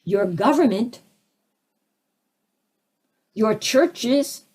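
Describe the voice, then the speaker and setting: Animated middle-aged woman teaching spiritual lessons. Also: a little high, drawn-out words, breathy edge. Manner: animated, acts out quoted voices, rhetorical questions.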